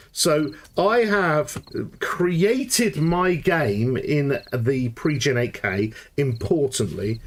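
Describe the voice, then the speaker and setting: A man hosting a live gameplay tutorial, thinking aloud and getting excited as he works things out, often restarting sentences. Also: mid-range voice, a little hiss or hum. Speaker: tutorial host.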